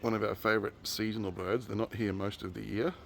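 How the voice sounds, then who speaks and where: An Australian man narrates a casual nature video outdoors, his low voice rough with gravel. He talks chattily and with excitement, dropping to a hush when animals are close. A faint hiss sits under the handheld recording. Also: quick pace. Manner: chatty and enthusiastic, drops to a hush near animals. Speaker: uncle filming a nature video for his nephews. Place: outdoors in a rural yard with bush and birds.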